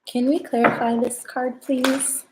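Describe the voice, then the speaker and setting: A woman's voice: high voice, flat delivery, measured pace, background noise. A young woman doing a casual, playful tarot reading on a livestream, chatting straight to her viewers. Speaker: tarot reader.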